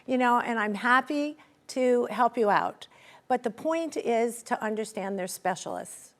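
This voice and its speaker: A middle-aged woman talks as an interview guest, her voice sitting a little high. She tells her own story with lots of energy, and her pitch leaps when she acts out quoted lines. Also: a little slow. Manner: expressive, acts out quoted dialogue with pitch jumps. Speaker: interview guest, menopause advocate. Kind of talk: animated conversational interview.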